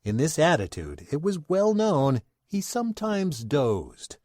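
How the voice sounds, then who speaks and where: A man tells a classic sea tale in a theatrical old-time radio style, his pitch rising and falling a great deal. The voice sits close and dry, with no room sound. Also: measured pace, no room sound. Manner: theatrical, expressive storyteller. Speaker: narrator.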